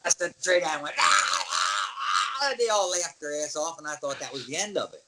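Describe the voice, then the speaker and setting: A man's voice: fairly high pitch, quick pace, background noise. A man being interviewed, telling stories casually and acting out other people's lines, with the odd swear word. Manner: animated storyteller who acts out other people's lines. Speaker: interview guest, former wrestler.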